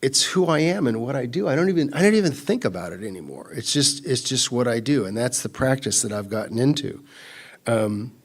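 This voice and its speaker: A Californian man with a mid-range, fairly quick voice and lively intonation tells his personal story at a recovery retreat. He wanders, restarts often and laughs easily.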